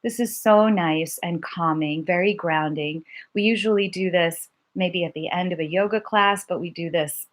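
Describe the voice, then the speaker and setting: A woman teaching mindfulness exercises, speaking softly and gently, slowing down to lead calm repeated mantras. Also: fairly low pitch. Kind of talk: guided mindfulness instruction.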